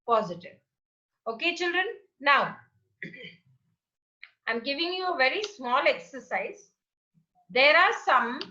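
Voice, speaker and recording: Indian English woman teacher, high and bright, patient and repetitive, slightly muffled home recording. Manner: slow, patient, repeats and spells out words. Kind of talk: recorded online grammar lesson.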